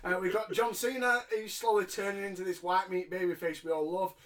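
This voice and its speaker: Man, casual wrestling recap, sarcastic and jokey, high bright voice. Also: steady tone, fairly quick. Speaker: podcast co-host.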